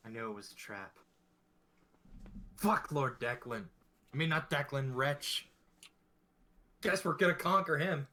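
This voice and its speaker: Bright-voiced playful male player. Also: on the high side, unhurried, long pauses. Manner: playful, joking. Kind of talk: casual tabletop game chat.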